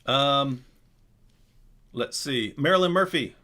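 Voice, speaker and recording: A man answers viewer questions on a livestream in a loose, animated way. His voice sits at a middle pitch, and he often trails off, restarts and piles on asides. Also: slow pace. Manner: animated, rambling, self-interrupting. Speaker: live Q&A host. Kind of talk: casual livestream chat.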